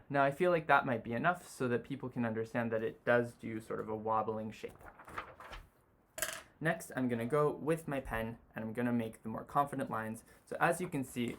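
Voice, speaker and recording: A man teaching sketching, talking through a drawing as he makes it, relaxed and full of "you know" fillers. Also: mid-range voice, normal speed. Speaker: design tutor. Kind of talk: sketching demonstration.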